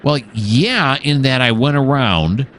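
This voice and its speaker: A man's voice: medium pitch, expressive, slow, a bit bright, a little hiss or hum. A man hosting casual let's-play commentary, rambling and musing aloud with many fillers and restarts. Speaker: gaming channel host.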